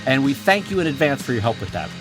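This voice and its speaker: A man's voice: mid-range voice, very animated, quick pace, music in the background. A man co-hosting a podcast in casual chat, playful and jokey, reading the show credits and sponsor notes. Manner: playful, jokey, slips into silly voices. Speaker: podcast co-host.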